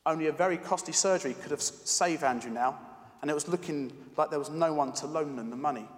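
A man preacher with a somewhat high voice tells a story as part of his sermon, measured and expressive. His voice rings with a long hall reverb.

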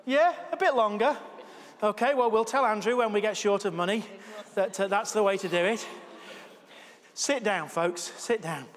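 A man's voice: high voice, in a large hall. A man leading an all-age church talk as pastor, joking with his helpers and cheering them on through a live demonstration. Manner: jokey, energetic, cheering people on. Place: church hall.

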